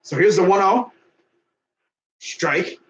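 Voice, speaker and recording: A man's voice: sits high, slow, dull audio. A young man doing casual play-by-play of a baseball video game, chatty, laughing often and talking to someone off-mic. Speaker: fan commentator.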